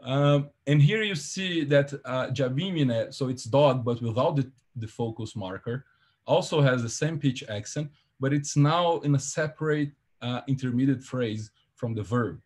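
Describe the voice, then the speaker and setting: A man giving an academic seminar talk at a medium pitch, with a husky edge to his voice. He explains carefully, pausing on fillers and correcting himself as he goes. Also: a little mellow. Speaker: seminar presenter.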